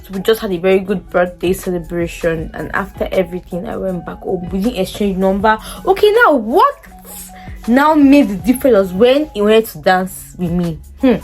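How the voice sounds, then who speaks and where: A young woman with a Nigerian English accent telling a personal story to her vlog audience, lively and acting out what people said. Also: moderate pace, soft background music. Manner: animated, acts out quoted dialogue in a much higher voice. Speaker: vlogger. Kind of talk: casual storytelling.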